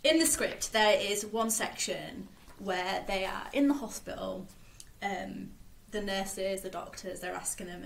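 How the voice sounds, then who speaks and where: A woman co-hosting a podcast, chatting casually about a play, animated and quick to laugh. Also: mid-range voice, creaky, slight background noise. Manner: animated, laughs often, reads lines aloud. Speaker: podcast co-host. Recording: roomy echo.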